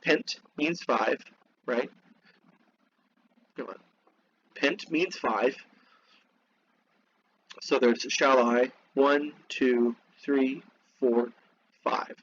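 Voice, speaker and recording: A man teaching a literature class, reading from a text and breaking off into slow, repeated explanations and asides to his students. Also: mid-range voice, fairly bright tone, muffled recording, slight background noise. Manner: slows down to spell out terms, asides to students.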